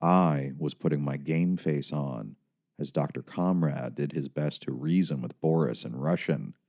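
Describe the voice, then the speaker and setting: A man narrating a first-person audiobook in a wry, bleak, deadpan way. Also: very deep voice, measured pace.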